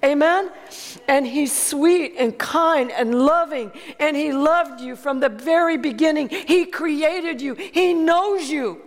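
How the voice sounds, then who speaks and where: High-voiced woman preaching in a hall. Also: takes it slowly. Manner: emphatic, calls out for amens. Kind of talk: sermon.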